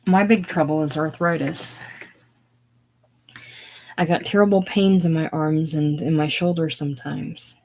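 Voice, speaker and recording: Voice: medium pitch, fairly even intonation, unhurried, pauses often, darkish tone, lightly acted, low-quality recording. A reader voicing a blunt, matter-of-fact woman of sixty-eight who works at a sewing machine, in a casual reading of a teleplay. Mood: plain. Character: 68-year-old woman, blunt, stubborn coworker.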